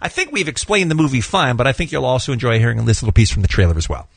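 A male radio host interviewing a guest in a brisk, friendly way. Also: medium pitch, very animated, vocal fry, background noise. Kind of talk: morning radio talk.

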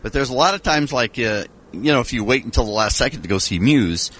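A man's voice: medium pitch, expressive, quick pace, fairly bright tone. A man telling long, wry, rambling stories in a casual radio chat from a studio. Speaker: radio show regular.

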